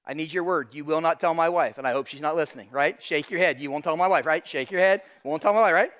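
High-voiced man preaching a sermon. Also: fast talker. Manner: animated storytelling, addresses audience directly. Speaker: pastor.

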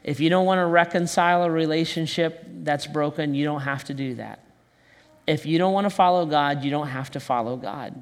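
A male pastor giving a sermon in a conversational style, moving between quick asides and slow, emphatic phrases. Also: on the high side, lively intonation, in a large hall.

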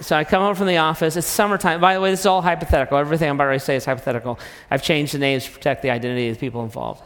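A man with a high speaking voice gives a loose, joking talk to a crowd. He pokes fun at himself as he goes. His voice trails off into a long hall reverb. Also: a bit bright. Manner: conversational, self-deprecating, jokey. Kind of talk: humorous sermon-style talk.

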